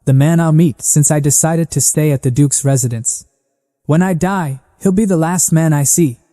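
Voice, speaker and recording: A man voicing an earnest young girl who was once a spy, in a plain even reading. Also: fairly high pitch, moderate pace, in a large hall, close to an everyday voice.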